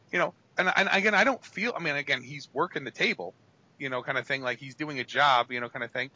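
A man's voice: mid-range voice, sharp tone, dull audio. A man co-hosting a casual wrestling podcast, telling rambling, profane stories and acting out the quotes. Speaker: podcast co-host.

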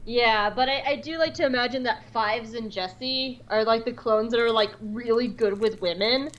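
A woman's voice: fairly high pitch, normal speed, highs cut off. Giggly playful female podcast co-host. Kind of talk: casual podcast chat.

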